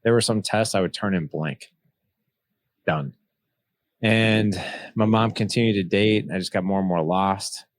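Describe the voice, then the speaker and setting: A deep-voiced man in his forties speaks in a candid, reflective way, slipping into the voices of people from his past. The recording is dry, with no room sound. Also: unhurried, long pauses, dry recording. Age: 40s. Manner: earnest, reflective, acts out dialogue from memory. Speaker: podcast guest, author. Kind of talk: candid personal storytelling.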